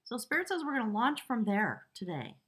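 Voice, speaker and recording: A woman's voice: a little high, huge pitch swings, fairly quick, husky. A woman giving a spiritual tarot reading, earnest and emotional, rambling with fillers. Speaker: tarot reader.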